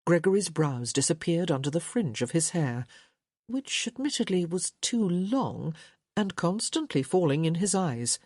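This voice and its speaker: A woman giving expressive scripted narration of a romance audiobook. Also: fairly low pitch, unhurried, no echo, clean studio sound. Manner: expressive storytelling.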